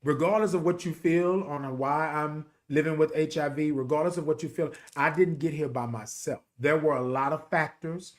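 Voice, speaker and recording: A man from Texas with a light country twang hosts his own show, talking casually and emphatically to his listeners. His voice sits a little high for a man, and he keeps checking in with "y'all" and "right?" in a folksy, down-to-earth way. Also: steady tone, normal speed, few pauses. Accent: Texan, country. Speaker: podcast host and HIV advocate. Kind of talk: casual direct-to-audience talk.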